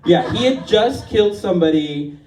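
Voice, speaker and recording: Chatty, self-mocking male comic in his fifties, mellow and a bit high, heard from afar in an echoey bar. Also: animated, moderate pace, far from the mic. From Los Angeles area, USA. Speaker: stand-up comedian. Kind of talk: live stand-up set. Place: stage of a bar. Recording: echoey bar room from afar, faint noise.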